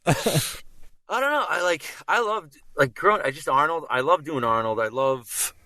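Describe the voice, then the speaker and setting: A man's voice: on the high side, animated, a little slow, pushed and bright, no echo. A man, a guest on a podcast, rambling and joking at his own expense. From Boston area. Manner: rambling, self-mocking, lots of fillers and restarts. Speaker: guest impressionist. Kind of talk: casual podcast chat.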